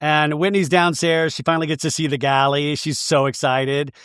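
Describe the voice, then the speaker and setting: High-voiced, gossipy male podcast host. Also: normal speed, clean tone, no room sound, clean studio sound. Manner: animated and gossipy, laughing, swearing. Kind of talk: casual reality-TV recap.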